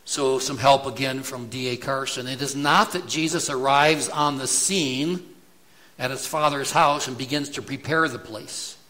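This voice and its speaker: A male pastor preaching a sermon in a slow, deliberate rhythm. His voice is bright and forceful, and he drives his points home with emphatic rhetorical questions. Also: mid-range voice, steady tone, low-quality recording.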